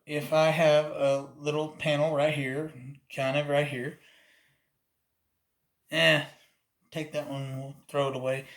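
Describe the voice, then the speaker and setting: A man with an Oklahoma accent talks in a loose, folksy ramble. His voice sits a little high and has a bright, forceful edge. He delivers it as a comedy skit monologue. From southeast Oklahoma. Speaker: comedic performer.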